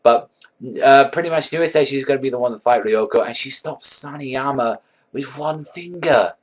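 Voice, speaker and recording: A man's voice: mid-range voice, moderate pace. A man giving a casual, rambling anime episode review, swearing often and filling his talk with likes and ums. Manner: rambling, swears a lot, many likes and fillers. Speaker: anime reaction vlogger.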